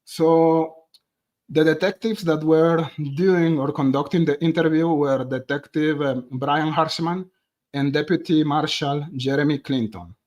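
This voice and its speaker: A man talks his viewers through a case on a live stream. His voice sits a little high for a man, and his delivery is loose and conversational, full of asides to the audience. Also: a little slow, a little mellow, lo-fi sound. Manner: chatty, addresses viewers directly as "guys". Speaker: true crime streamer.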